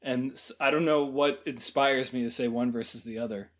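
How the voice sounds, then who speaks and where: A man in an easygoing podcast chat about a film, speaking in a measured way as he adds his own points and calmly disagrees. His pitch sits in an ordinary middle range. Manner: measured, adds points and gently pushes back. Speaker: podcast co-host.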